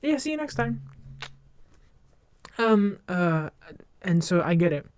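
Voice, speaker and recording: A young woman streamer in casual live-stream chat, talking quickly and rambling, with lots of fillers and restarts. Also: mid-range voice, big pitch swings, darkish tone, dry recording. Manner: rambling, fast and talkative with many fillers. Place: home streaming setup.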